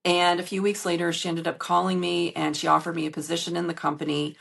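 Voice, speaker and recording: Gravelly-voiced woman coach, candid and emotional. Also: lowish voice, flat delivery, fast talker, fairly bright tone. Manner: earnest, emotional, speaks straight to listeners. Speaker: podcast host and business coach. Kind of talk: candid solo podcast monologue. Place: hotel room. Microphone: phone.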